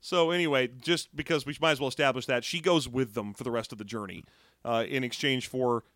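A man's voice: mid-range voice, steady tone, a little fast, fairly bright tone, no room sound, clean studio sound. A man co-hosting a casual movie recap chat, wry and sarcastic, often laughing. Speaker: podcast co-host.

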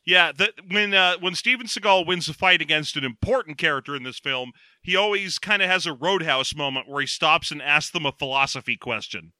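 Bright sardonic man recapping a film. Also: on the high side, no room sound. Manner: sarcastic, quick recaps with mocking quoted voices. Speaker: podcast co-host. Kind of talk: casual movie-review chat.

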